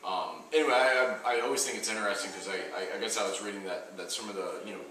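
A man at a dinner table talking haltingly, stammering and restarting his sentences. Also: lowish voice, sharp tone, recorded from a distance. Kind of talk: casual dinner-table chat. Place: home dining room during a holiday dinner. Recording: echoey room, off-mic.

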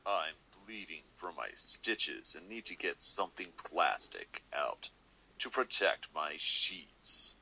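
A man with a damaged, hoarse voice, casually reading requested lines for his vlog and apologizing when he stumbles. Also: sing-song, slow, bright, forceful tone, a little hiss or hum, low-quality recording. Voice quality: deep and gravelly. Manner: apologetic, stops to clear his throat. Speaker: channel host.

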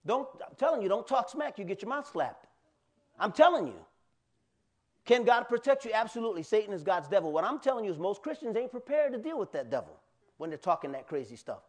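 Animated man preaching a sermon. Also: high voice, fairly quick. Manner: animated, colloquial preaching with asides to the congregation. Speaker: pastor.

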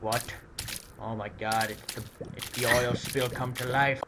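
A man giving jokey, excitable commentary while playing a video game. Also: mid-range voice, measured pace. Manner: excitable, jokey, frequent outbursts. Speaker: gameplay commentator. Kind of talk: let's play commentary. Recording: loud background noise.

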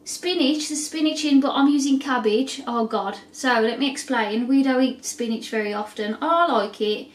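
High, chatty woman cooking at home. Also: normal speed, few pauses. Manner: chatty, self-mocking, swears casually. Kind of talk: casual cooking vlog chat. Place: home kitchen with boiling pots. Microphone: camera set back across the kitchen. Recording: echoey kitchen from a distance.

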